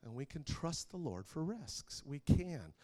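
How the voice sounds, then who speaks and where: A man in his thirties preaching, telling family stories with lots of laughter and getting loud when he acts out scenes. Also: fairly high pitch, unhurried. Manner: animated storyteller who laughs often and gets loud when acting out scenes. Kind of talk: sermon with personal stories.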